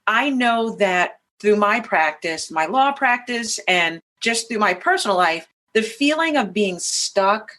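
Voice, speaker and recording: A woman's voice: medium pitch, expressive, unhurried, few pauses, sharp tone. A woman hosting an interview, a lawyer by trade, reflecting at length before she asks her questions. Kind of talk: interview conversation.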